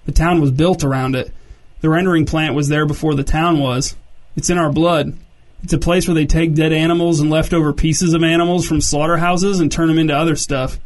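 A brooding, jealous young man talks low and insistently, leaning on "dude", as a male narrator puts him on. The delivery stays flat and even, with a fairly high male pitch. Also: brisk, natural voice. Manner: low, pushy, repeating "dude".

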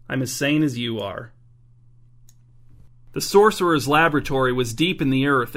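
Man narrating a storybook in an even voice. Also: medium pitch.

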